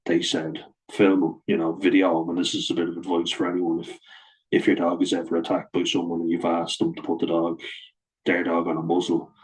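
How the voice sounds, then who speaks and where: A man's voice: deep voice, completely flat delivery, fairly quick, rough recording. A middle-aged man, bluntly telling a personal story to camera in a sweary, aggrieved way. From Ireland. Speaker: vlogger.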